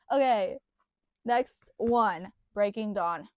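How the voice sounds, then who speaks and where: A woman's voice: a little high, drawn-out words, dry recording, clean studio sound. A young woman giving a casual book review, gushing and earnest, often circling back on her words.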